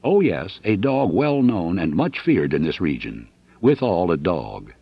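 A man's voice: sits low, big pitch swings, a little slow, breathy edge, no echo, dull audio, exaggerated voice. A man voicing a dry, sardonic male astronomer who talks in a somber, wordy way, in an audiobook.

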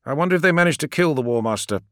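A man's voice: a little high, lively intonation, racing, fairly bright tone, no room sound, clean studio sound, voice pushed up. A man doing Call, a curt, sardonic commander. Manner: curt, condescending, urgent commands. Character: brisk sardonic commanding man, an imperial agent.

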